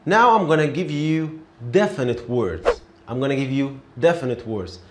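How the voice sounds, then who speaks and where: A man teaching a beginner language lesson, speaking slowly and patiently, sounding out syllables and repeating words so learners can follow. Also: medium pitch, lively intonation, echoey room, noisy background. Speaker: Arabic teacher.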